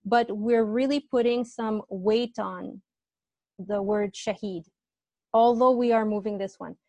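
A woman's voice: mid-range voice, fairly even intonation, measured pace, warm tone, dry recording, dull audio. A young woman teaching assistant explaining grammar in an online tutorial, hesitant and often apologizing.

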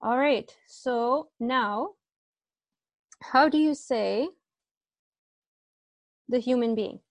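A woman teaching Arabic grammar in an online class, chatty and quick to correct herself, often checking that the class agrees. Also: a little high, no room sound. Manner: chatty, self-correcting, asks class to confirm.

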